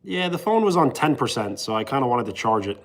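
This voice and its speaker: A laid-back man hosts a casual livestream and chats with viewers. His pitch is middling but swings lively up and down. He talks easily, often with a chuckle. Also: fast. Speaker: livestream host reading chat. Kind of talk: casual chat.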